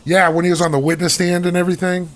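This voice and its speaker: A man's voice: high voice, flat delivery, fast talker. A man hosting a casual interview, chatty and friendly, who sometimes stumbles over his words while asking questions. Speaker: interviewer host.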